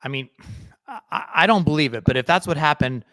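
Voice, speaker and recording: Heated male race car driver, acted by a man, agitated and defensive, voice pushed up high, swinging up and down, in a dry close room. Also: animated, brisk, bright, forceful tone, no echo.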